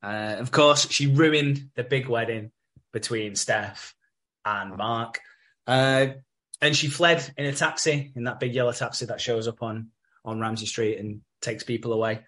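A man's voice: medium pitch, steady tone, unhurried, sharp tone. A man co-hosting a podcast, rambling through a soap recap in casual chat with many fillers and swearing. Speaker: podcast co-host.

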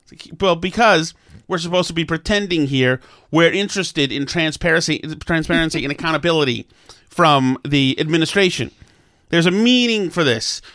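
A man's voice: on the high side, moderate pace, fairly bright tone, no echo, studio quality. A man hosting a political talk show, giving blunt, sarcastic commentary with frequent stammered restarts.

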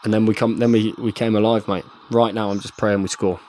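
An English man in his thirties, a professional rugby player, chatting excitedly while rewatching match footage and calling his friend "mate" constantly. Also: fairly low pitch, a little fast. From England. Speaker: guest, professional rugby fly half. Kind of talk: casual chat while watching match footage.

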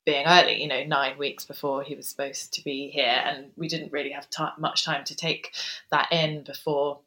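Low-voiced woman, soft and halting. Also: little pitch movement, rough recording. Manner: soft, hesitant, pausing with ums. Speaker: guest author. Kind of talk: reflective interview storytelling.

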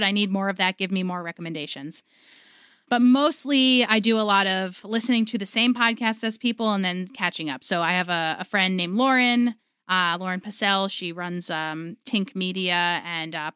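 An American woman speaks as a podcast guest, chatty and enthusiastic. Her voice is bright and crisp, recorded dry and close. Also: medium pitch, dry recording. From United States. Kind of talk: podcast interview.

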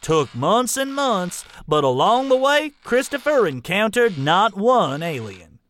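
A man playing a pompous, bumbling old-fashioned gentleman in a comedy sketch, talking in a formal drawl and flustering easily. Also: high voice, big pitch swings, unhurried, full character voice. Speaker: comic presenter.

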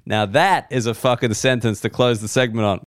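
A man's voice: medium pitch, background noise. A man in his thirties with an Australian accent, a comedian doing a rambling, wry, self-deprecating solo podcast monologue.

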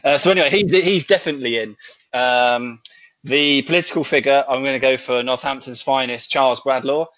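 A man's voice: medium pitch, fairly quick, a bit bright, no room sound. Wry man in casual chat. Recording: dull lo-fi sound.

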